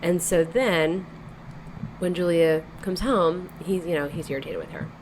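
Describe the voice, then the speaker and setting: A woman's voice: on the low side, a little slow, slight background noise. A woman co-hosting a podcast, casually retelling a novel's plot in a chatty way, peppered with "like" and "you know.". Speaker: podcast co-host. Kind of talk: casual book-club chat retelling a plot.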